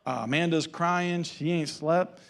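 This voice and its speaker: A man's voice: on the high side, unhurried, gravelly, fairly bright tone. A male pastor giving a sermon in a casual storytelling manner and acting out the dialogue.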